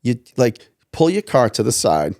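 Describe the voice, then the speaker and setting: A man's voice: medium pitch, sing-song, moderate pace, a little mellow. A middle-aged man co-hosting a casual podcast chat, rambling with lots of fillers. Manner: rambling, heavy filler words. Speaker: podcast co-host.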